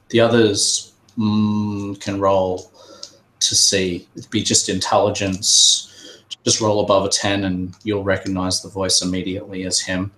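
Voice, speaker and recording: A man narrating as game master in a tabletop game, pausing often with fillers. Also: low voice, flat delivery, a bit bright, poor audio. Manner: hesitant, many pauses and fillers.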